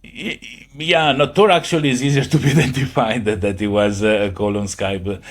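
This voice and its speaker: Low-voiced man, halting speech. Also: fairly even intonation. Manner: halting, many fillers, non-native phrasing. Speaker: guest. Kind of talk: conversational interview.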